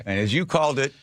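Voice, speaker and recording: A middle-aged man hosting a radio show, telling a story in a casual, animated, self-mocking way. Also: medium pitch, no room sound. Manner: animated, self-mocking, laughs at his own stories. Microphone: studio microphone.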